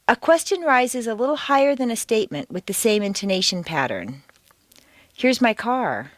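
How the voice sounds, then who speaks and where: American lady reading an accent course, big swoopy pitch, dead dry studio sound. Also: no echo. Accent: General American. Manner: slow, deliberate, exaggerated intonation for learners to repeat. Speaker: accent teacher. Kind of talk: scripted audio lesson.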